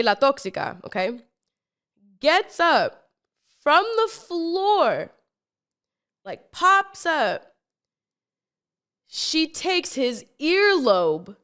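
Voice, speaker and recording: A young woman hosts a podcast and tells a story in a loose, breathless way. She leans on "like" and repeated words and curses freely in a relaxed, conversational delivery. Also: sits high. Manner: animated, swears freely. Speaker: podcast host. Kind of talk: casual storytime monologue.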